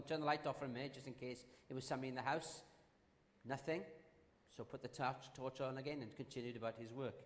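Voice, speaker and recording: A man preaching a sermon, opening with a joke, telling it in a relaxed way with fillers and restarts. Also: mid-range voice, fast, big-room sound. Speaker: pastor.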